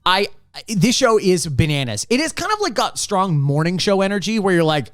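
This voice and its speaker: A man co-hosting a podcast in casual chat, rambling and animated, with lots of fillers and laughs. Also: sits high, normal speed, dry recording, clean studio sound. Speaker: podcast co-host.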